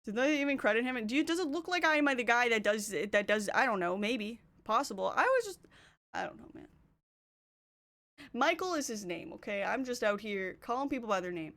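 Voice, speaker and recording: A woman's voice: a little high, brisk, fairly bright tone. Rambling Canadian woman streamer. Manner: rambling, self-interrupting, laughs at herself. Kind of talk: casual chat.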